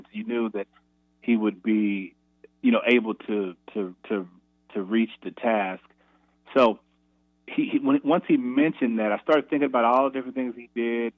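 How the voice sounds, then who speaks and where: A former college basketball player telling a practice story on a radio interview, animated, acting out the quotes with a raised voice. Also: male voice, mid-range voice, no room sound. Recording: tinny phone line, dry.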